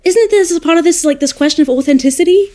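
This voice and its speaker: An Australian woman, a podcast guest, talking in a casual, animated, thoughtful way and laughing now and then. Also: very high-pitched, quick pace. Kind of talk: casual panel discussion.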